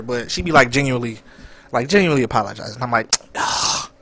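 A young man co-hosting a podcast in casual chat, animated and dramatic. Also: medium pitch, fairly quick, dry recording. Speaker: podcast co-host.

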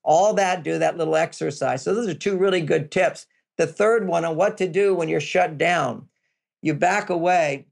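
A man's voice: a little high, normal speed, vocal fry. An older man, a guest author, explaining relationship and health advice in an interview with an emphatic, repetitive manner.

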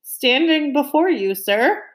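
A woman's voice: high voice, animated, slow, pitched above the performer's own voice. Woman voicing an earnest, nervous young boy. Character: nervous twelve-year-old boy, eager.

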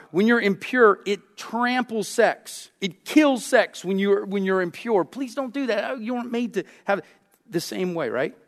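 A man's voice: fairly high pitch, in a large hall. A man preaching a sermon in a casual, conversational way, often checking in with his listeners. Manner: conversational preaching with frequent "right?" asides. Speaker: pastor.

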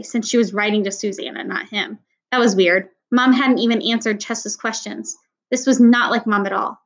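A woman with a somewhat high voice reads a children's novel aloud. Her narration is steady and even, in the manner of storytelling. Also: poor audio. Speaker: audiobook reader.

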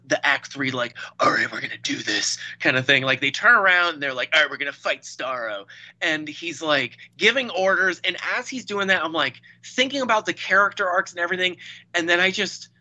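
A man in a casual movie review chat, telling stories in an excitable, profane, rapid-fire way. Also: on the high side, rough recording. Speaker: podcast co-host.

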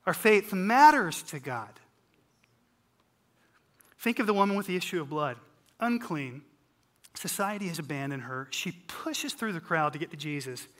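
Slow, bright-voiced preacher. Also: medium pitch, lively intonation. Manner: dramatic, acts out scripture scenes, swings loud and soft; humorous asides. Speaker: pastor. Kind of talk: sermon.

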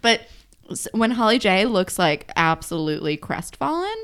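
A woman's voice: medium pitch, sing-song, moderate pace, a bit bright, clear, resonant tone. A woman co-hosting a casual podcast chat, talking expressively with lots of fillers and casual swearing. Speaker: podcast co-host. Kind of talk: casual chat recapping a TV episode.

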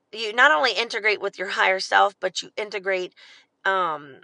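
A woman's voice: mid-range voice, no room sound. A middle-aged woman talking casually and emphatically to her followers, swearing often and getting fired up as she speaks. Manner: profane, emphatic, animated. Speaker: vlogger.

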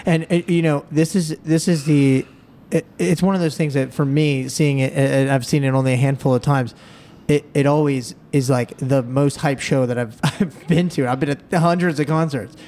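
A man hosting a podcast interview, asking questions haltingly with frequent restarts. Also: on the high side, fairly even intonation, a little mellow. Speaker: podcast host.

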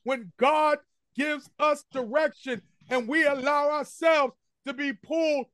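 A man's voice: very high voice, steady tone, unhurried, a bit bright, no room sound, studio quality. A man preaching a sermon as senior pastor, emphatic and repetitive, addressing his congregation directly. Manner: emphatic call-and-response preaching with repeated refrains. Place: church sanctuary.

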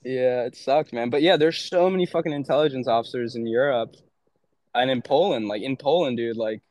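A man's voice: mid-range voice, fairly quick, darkish tone, dry recording. A young man and former aid worker chatting casually as a podcast guest, rambling with many filler words and frequent swearing. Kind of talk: casual chat.

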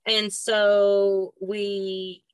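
A middle-aged woman with a Southern accent, a podcast guest telling a personal story in a halting way, with many fillers and restarts, acting out the dialogue she quotes. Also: mid-range voice, little pitch movement, smooth, no room sound.

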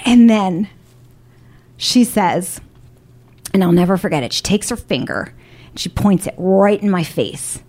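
A woman telling a comic personal story to a live audience, animated, blunt and profane, with a self-mocking edge. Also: medium pitch, a little slow, long pauses.

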